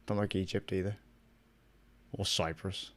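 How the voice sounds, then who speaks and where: A man's voice: low voice, steady tone, measured pace. A young man chatting casually with his stream viewers, rambling, swearing a lot and laughing often. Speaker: gaming streamer.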